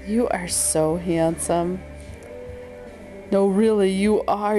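A young mother talking softly to her sick son, coaxing him with gentle, sing-song questions. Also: medium pitch, slow, soft background music. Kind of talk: tender talk to a sick child.

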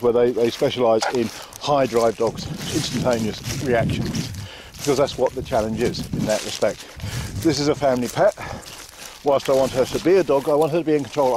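A man talking calmly while walking his dogs outdoors and explaining how he trains them. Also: mid-range voice, slight background noise, low-quality recording. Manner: calm, repetitive, calls out to the dog. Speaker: dog trainer. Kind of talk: casual walking commentary. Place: outdoors in fields.

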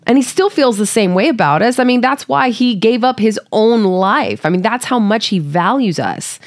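A woman's voice: fairly high pitch, animated, moderate pace, no echo, studio quality. A woman from Hawaii hosting a Bible study, reading scripture and explaining it in a heartfelt, conversational way. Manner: warm, earnest, heartfelt and conversational.

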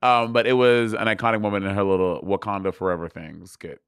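A man with an accent co-hosting a podcast, sassy and chatty, often trailing into quieter asides. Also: on the low side, little pitch movement, fast, smooth, no echo, studio quality. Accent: Caribbean-tinged accent. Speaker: podcast co-host. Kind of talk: casual banter.

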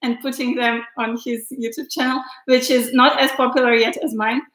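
A woman from Russia hosting a casual live-stream chat, excitable and teasing, laughing often. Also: on the high side, moderate pace, echoey room, poor audio. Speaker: host.

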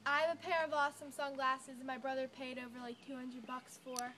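A young woman rambling excitedly and giggling while chatting with a friend on a tree swing outdoors. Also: high voice, a little fast. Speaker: friend filming a home video. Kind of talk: casual chat between friends. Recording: noisy outdoor home video.

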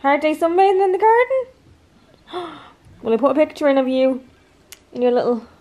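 A woman's voice: high voice, normal speed, long pauses, dark tone. A young woman vlogging at home, cooing at her dog in gushing baby talk and chatting to the camera. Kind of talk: casual vlog chat.

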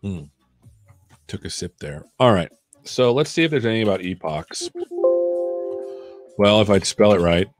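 A man's voice: fairly low pitch, very animated, moderate pace, pauses often, no room sound, faint music behind. Chatty man live-coding, dry close sound. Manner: chatty, jokey, thinking aloud while typing. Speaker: host of a live coding stream. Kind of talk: casual live-coding chat.

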